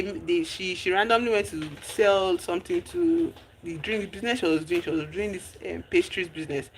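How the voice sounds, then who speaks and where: A woman's voice: lowish voice, a little hiss or hum. Chatty woman. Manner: chatty, animated, slang-sprinkled storytelling. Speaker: streamer. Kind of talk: casual livestream movie recap.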